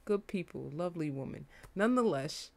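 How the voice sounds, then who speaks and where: A woman casually doing a tarot reading for her viewers, animated, slangy and openly emotional as she talks. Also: fairly low pitch, a little fast, vocal fry. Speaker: tarot reader.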